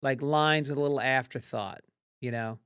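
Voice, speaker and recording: A man's voice: fairly even intonation, normal speed, fairly bright tone, clean tone, no room sound. A man guesting on a podcast, reminiscing casually and profanely on a close studio mic. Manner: profane, reminiscing, low-key. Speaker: comedian guest. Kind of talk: casual storytelling chat.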